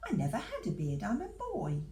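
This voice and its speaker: Woman doing a scared little boy, hesitant and polite, mellow, echoey room. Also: medium pitch, wildly swooping pitch, brisk, recorded from a distance. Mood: timid. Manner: hesitant, deferential. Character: frightened, timid young boy.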